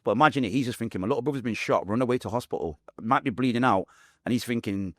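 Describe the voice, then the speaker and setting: A young adult man with a Manchester accent, telling his own story as a podcast guest, fast and vivid, acting out what people said. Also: medium pitch, dry recording, studio quality. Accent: Mancunian English. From Manchester, England.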